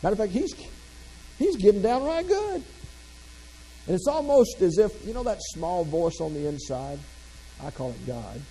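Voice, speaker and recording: A man's voice: high voice, sing-song, normal speed, pauses often, mellow, slight background noise, low-quality recording. A man giving a humorous motivational keynote speech, telling folksy stories and joking straight to the audience. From Southern United States. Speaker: motivational speaker.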